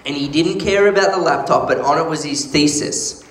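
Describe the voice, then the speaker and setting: A man preaching a sermon, telling stories with animated energy and frequent laughter. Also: a little high, normal speed, reverberant, low-quality recording. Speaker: pastor.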